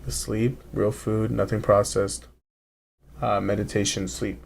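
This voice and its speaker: A man's voice: on the low side, level tone, a little slow, gravelly. A young man in his twenties, a guest in a casual interview, telling his story with energy and acting out other people's lines. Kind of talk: casual conversation. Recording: faint background noise.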